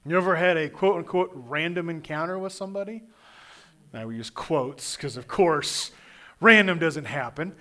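A man from Kansas preaching a sermon in a conversational, animated way, often restarting and repeating words. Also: a little high, a little slow, pauses often. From Kansas, USA. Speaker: pastor.

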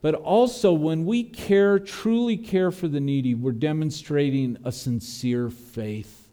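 A man delivers an earnest sermon in a mellow, slightly high-pitched voice. He builds toward emphatic, raised peaks. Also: a little slow. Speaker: pastor.

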